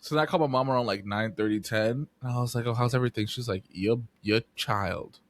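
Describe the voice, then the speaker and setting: A young man co-hosting a podcast, telling animated stories in casual chat, swearing freely and acting out voices. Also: mid-range voice, rapid-fire, no room sound. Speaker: podcast co-host.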